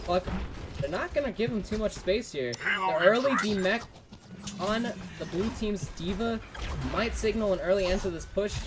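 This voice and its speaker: A man casting an esports match, shouting on big plays and laid-back in the banter between. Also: sits high, animated, moderate pace, noisy background. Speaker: esports caster. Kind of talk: esports play-by-play commentary.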